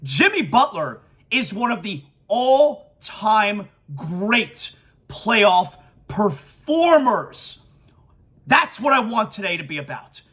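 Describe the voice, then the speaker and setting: Sports talk host, man, high, bright, emotional, stammering and gushing. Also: big pitch swings, a little slow, husky. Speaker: podcast host. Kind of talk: excited sports talk monologue.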